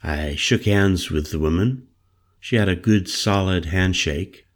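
A man narrating a first-person story as an audiobook, in a calm, descriptive manner. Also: low-pitched, a little slow.

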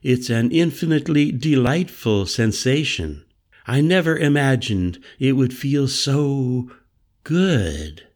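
Man reading an arrogant, slightly crazy man, grandiose, dreamy, slow drawl, storybook. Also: mid-range voice, a little mellow, lightly acted. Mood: dazed. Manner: grandiose, self-admiring, dreamy.

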